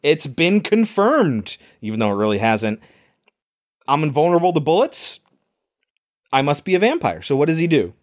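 Talking fairly quickly with hardly any pauses, this man retells a film's scenes with big pitch swings in a voice on the high side. He's co-hosting a casual movie recap podcast and laughs frequently.

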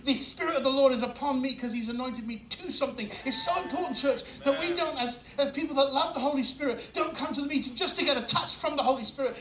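Animated preacher in a roomy hall. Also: male voice, very high voice, quick pace, few pauses, soft background music. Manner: animated storytelling with laughs. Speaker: pastor. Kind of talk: sermon. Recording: roomy sound from far off mic.

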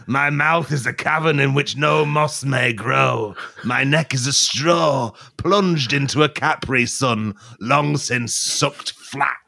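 A man's voice: medium pitch, slow, gravelly, hardly any pauses, sharp tone, heavily acted. A man voicing a parched, self-pitying man who begs for water in mournful, theatrical, mock-archaic speech, improvised for comedy. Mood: woeful, pleading. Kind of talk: comedic improvised voice acting on a podcast.

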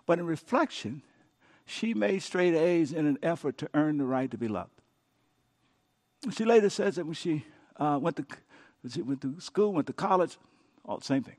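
A man preaching a sermon as pastor, swinging from loud emphatic lines down to soft whispers. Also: fairly high pitch, animated, moderate pace, long pauses.

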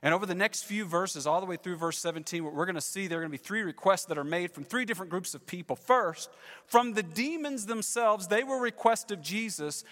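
A man pastor preaching a sermon with dramatic storytelling, swinging between loud passages and hushed ones. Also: high voice, a little fast, big-room sound.

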